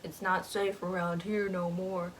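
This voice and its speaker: A big, gruff protector who means business and talks bluntly, as a woman puts him on. His lines come out hard and menacing. It sounds like a casual book retelling with faint background noise. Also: fairly low pitch, level tone, a little slow, close to an everyday voice, low-quality recording.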